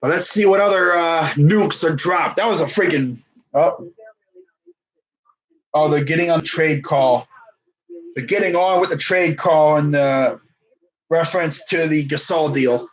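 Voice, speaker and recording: A young man casually commenting on a live sports stream, excitable and rambling. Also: a little high, unhurried, pauses often, rough recording. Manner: excitable, rambling, laughs often.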